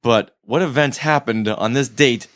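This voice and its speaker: A man's voice: medium pitch, a little slow, a bit bright. A man co-hosting a podcast in casual chat with his wife, teasing and talkative. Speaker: podcast co-host.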